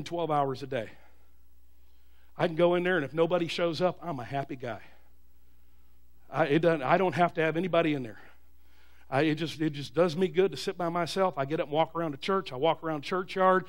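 A male pastor preaching a sermon, calling on the congregation for amens and rising to shouts. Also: on the high side. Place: church.

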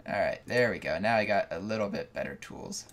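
A man's voice: low voice, animated, fairly quick, gravelly. A man hosting a co-op gameplay video, chatting casually and laughing often. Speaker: let's play host.

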